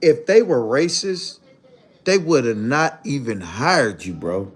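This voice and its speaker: A man's voice: medium pitch, sing-song, takes it slowly, breathy edge. An older man from Mississippi, hosting a live stream and mocking another creator in blunt, profane commentary. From Mississippi, USA. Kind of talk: live commentary reacting to clips.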